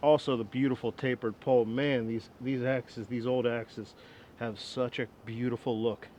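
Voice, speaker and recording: With wind rumbling around him outdoors, a twenty-something woodworking vlogger chats through a casual demo with an old axe, rambling, making fun of himself, and chuckling often. His darkish voice has little pitch movement and moves at normal speed.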